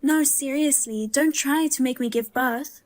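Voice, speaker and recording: A woman plays a heavily pregnant young wife with a high, light voice. She is suspicious and indignant, with a wry, grim humor in this dramatized story. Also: unhurried. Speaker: pregnant daughter-in-law.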